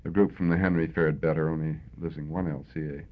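An older Canadian man recalling his wartime service in an oral history interview, reflective and hesitant, with many pauses and fillers. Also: a bass voice, steady tone. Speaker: veteran interviewee. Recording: tinny phone-like lo-fi recording.

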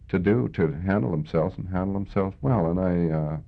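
An older Canadian veteran with a very deep, gravelly voice is interviewed for an oral history, speaking at a moderate pace. He is reflective and hesitant, using many fillers, and the recording sounds tinny and lo-fi, like a phone.

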